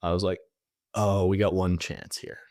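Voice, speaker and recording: Lively man telling a story. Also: low-pitched, normal speed, dry recording, studio quality. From Canada. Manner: animated, vivid storyteller with many fillers. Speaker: podcast guest, musician. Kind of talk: personal storytelling in conversation.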